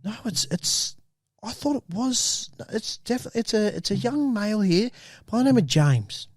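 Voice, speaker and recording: A man's voice: high-pitched, big pitch swings, normal speed, dry recording, clean studio sound. A man co-hosting a podcast, rambling and stammering through an improvised mock news skit with put-on emotion. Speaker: podcast co-host.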